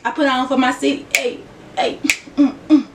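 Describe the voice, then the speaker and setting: Casting: young woman, Memphis Southern accent, high voice, a bit off-mic. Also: flat delivery, moderate pace, far from the mic, noisy background. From Memphis, Tennessee. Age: 20s. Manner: chatty, laughing, addresses viewers as y'all. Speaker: YouTuber. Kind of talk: casual vlog chat.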